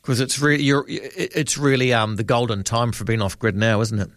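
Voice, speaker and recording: A man hosting a talkback radio show, chatting in a relaxed, musing way with frequent ums and trailing questions. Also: mid-range voice, moderate pace, dry recording, studio quality. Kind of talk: late-night talkback radio chat.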